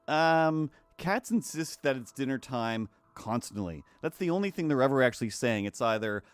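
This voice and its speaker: Rambling, joking cartoonist on a live stream. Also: male voice, medium pitch, animated, moderate pace, smooth, dry recording, faint music behind. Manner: rambling and self-deprecating, full of fillers and restarts. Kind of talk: casual rambling chat while drawing.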